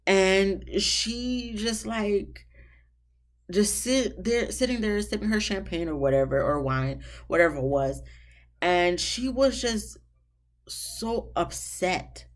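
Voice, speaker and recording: A woman recapping a reality show episode in a casual, sassy, exasperated way, jumping up high for emphasis. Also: expressive, slow.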